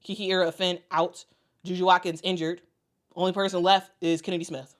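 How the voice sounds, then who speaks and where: A woman's voice: fairly low pitch, little pitch movement, a little fast. A woman commentating on basketball in a casual way, reading out viewer comments and repeating her points for emphasis. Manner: emphatic, repeats herself for stress.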